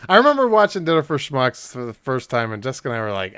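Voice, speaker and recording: A man's voice: mid-range voice, big pitch swings, fast talker, a bit bright, clean tone, no room sound. A man co-hosting a podcast in casual chat, often laughing as he retells movie scenes. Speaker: podcast co-host.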